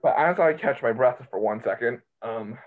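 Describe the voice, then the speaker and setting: A man hosting a casual sports podcast. He rambles in an excitable way and keeps cutting into his own sentences. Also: medium pitch, normal speed, soft background music. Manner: rambling, excitable, self-interrupting. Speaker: college baseball podcast host. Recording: tinny phone-line sound.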